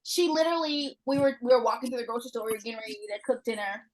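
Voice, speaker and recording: A woman in her forties from Chicago, chatting casually on a podcast and telling animated stories full of acted-out quotes. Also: on the high side, rapid-fire, poor audio. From Chicago, USA. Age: 40s. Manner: animated storyteller who acts out quoted people.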